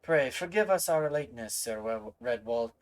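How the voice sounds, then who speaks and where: A man's voice: mid-range voice, expressive, normal speed, lightly acted. A man voicing a courteous young male noble, reading game lines politely and formally. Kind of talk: reading game dialogue aloud with voices.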